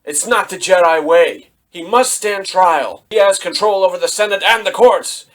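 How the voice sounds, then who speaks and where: A man's voice: high-pitched, normal speed, a bit bright, pitched above the performer's own voice. Man doing a torn, desperate young knight. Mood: urgent.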